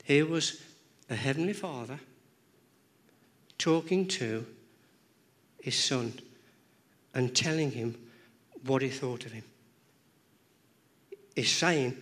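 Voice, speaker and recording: A man's voice: medium pitch, takes it slowly, long pauses, fairly bright tone. A man preaching a sermon to a congregation, emphatic and rhythmic, often repeating words and phrases as he builds his points. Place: church.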